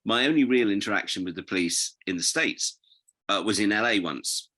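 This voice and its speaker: A middle-aged British man chatting in an interview, telling rambling, animated stories and drifting off on tangents. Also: lowish voice, normal speed. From Britain. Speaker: guest. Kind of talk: casual interview chat.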